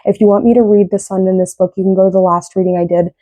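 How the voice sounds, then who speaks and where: A woman's voice: mid-range voice, steady tone, fast, warm tone, no echo. A young woman giving a casual, rambling tarot reading, often tagging her sentences with "right?". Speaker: tarot reader.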